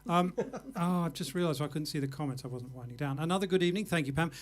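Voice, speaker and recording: A man's voice: on the high side, quick pace. A man hosting a livestream jazz show, wrapping up the evening in a rambling, self-mocking way. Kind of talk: casual live show wrap-up.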